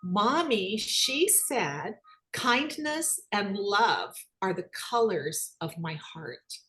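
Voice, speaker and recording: A middle-aged woman telling personal stories about her children in an animated way, voicing their dialogue. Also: extremely slow. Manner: animated, acts out quoted dialogue with rising pitch. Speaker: speaker, children's book author. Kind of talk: personal storytelling talk.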